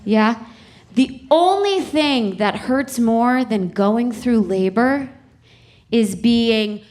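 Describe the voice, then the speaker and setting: High-voiced woman doing stand-up in a club. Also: very slow. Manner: conversational, profane, building to shouted punchlines. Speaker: stand-up comedian. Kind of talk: stand-up comedy set. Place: comedy club stage. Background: audience laughter.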